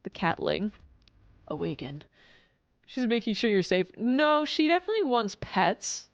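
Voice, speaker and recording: A woman's voice: a little high, sing-song, moderate pace, dry recording, lo-fi sound. A woman streaming live, chatting casually with viewers, reading chat aloud and swearing as she acts out customers.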